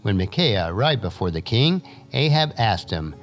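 A man, a scripture reader and teacher, reads a Bible passage aloud in a lesson, expressively raising his pitch for the quoted speakers before moving on to an essay. He speaks at a moderate pace, with faint music behind him.

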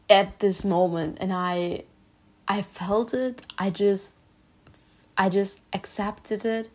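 A woman from Spain giving a heartfelt personal talk as a self-healing vlogger. She speaks haltingly, restarts often, and reassures her listener earnestly. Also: medium pitch, darkish tone.

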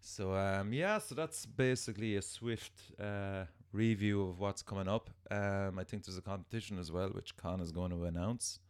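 A man's voice: low voice, normal speed, hardly any pauses, clean tone. A man hosting a casual podcast interview, blunt and enthusiastic, swearing freely. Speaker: podcast host.

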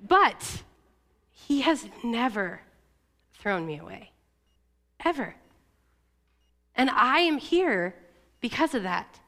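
With big pitch swings and a bright, forceful tone, this Oregon woman on a church's staff preaches a sermon. Her personal story comes out emotional and confessional, with rapid changes in pitch.

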